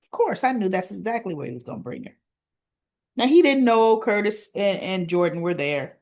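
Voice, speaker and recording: A woman's voice: mid-range voice, sing-song, moderate pace, a little mellow. A woman hosting a casual soap opera recap, retelling scenes and dialogue with chatty asides.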